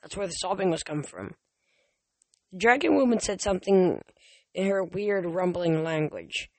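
Amateur reader with frequent slips. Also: male voice, sits high, animated, moderate pace, dry recording. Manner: reads with frequent stumbles and restarts. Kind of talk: amateur audiobook reading.

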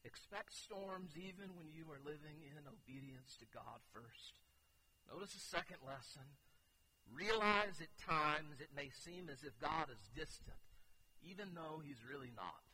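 A man pastor preaching a sermon to his congregation, swinging from hushed, quiet passages to loud, urgent outbursts. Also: on the high side, lively intonation, unhurried, poor audio. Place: church sanctuary.

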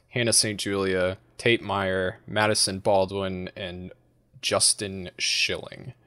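A man's voice: low voice, bright, forceful tone, no echo. An American man in crude, casual podcast chat, rambling and mocking with lots of fillers and swearing.

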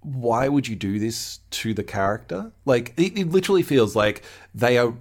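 A man's voice: medium pitch, animated, normal speed. A man co-hosting a podcast in casual chat, with dry, wry remarks. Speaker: podcast co-host.

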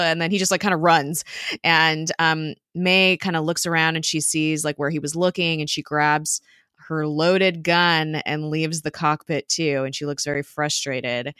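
A woman's voice: deep voice, fairly even intonation, normal speed, fairly bright tone, clear, resonant tone, no room sound, studio quality. A young woman co-hosting a podcast, recapping a TV episode in casual chat, swearing now and then and acting out the characters' lines.

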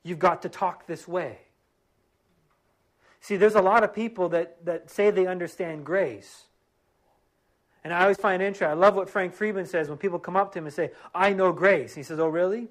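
A man's voice: high voice, fast. Earnest, emphatic male preacher. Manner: earnest, emphatic preaching that drops to soft prayer. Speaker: pastor. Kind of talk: sermon.

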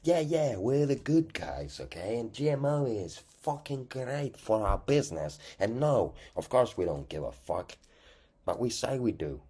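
A man puts on a smug, fake-cheery corporate spokesman, pitched well above his own deep voice. The voice has a mocking put-on accent and a husky edge. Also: big pitch swings, measured pace, mellow.

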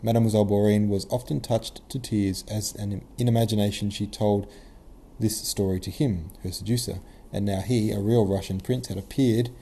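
A man narrating a classic novel as an audiobook, measured and even-toned. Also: on the low side, slight background noise.

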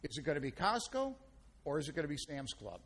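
A man's voice: fairly high pitch, wildly swooping pitch, fast, fairly bright tone, slightly rough. A man, hosting a casual radio food show and telling folksy stories with playful banter.

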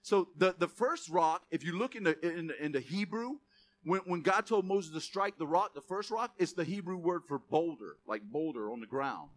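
A man preaching a sermon as pastor, animated and joking, reading scripture aloud and shouting some quoted lines. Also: a little high, moderate pace. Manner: animated, jokey asides, reads scripture aloud.

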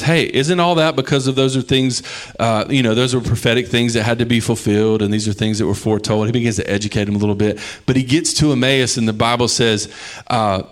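A pastor preaching a sermon in an easygoing, chatty voice of middle pitch. He tells the stories with energy and slips into the voices of the people in them. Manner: conversational, animated storytelling with acted-out quotes.

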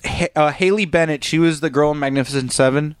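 A man's voice: a little high, fast talker. Rambling, laughing male podcast co-host. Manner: rambling, laughs often, restarts sentences. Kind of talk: casual chat.

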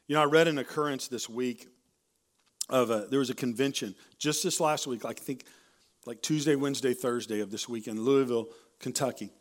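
A man preaching a sermon in a casual, conversational way, often tagging "right?" onto his points and restarting sentences, a little hoarse and clearing his throat. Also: mid-range voice, fairly quick. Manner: conversational, keeps asking "right?", with many restarts. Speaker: pastor. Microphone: handheld or stage mic.

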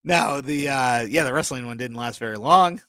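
A man's voice: medium pitch, moderate pace, a bit bright, no echo. A man co-hosting a podcast, telling rambling stories in casual chat and often apologizing for his own jokes. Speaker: podcast co-host.

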